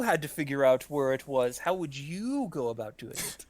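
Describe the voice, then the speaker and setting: A man's voice: mid-range voice, very animated, moderate pace, darkish tone, no room sound. A man running a tabletop game as game master, narrating with many ums and uhs. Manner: hesitant, full of ums and uhs.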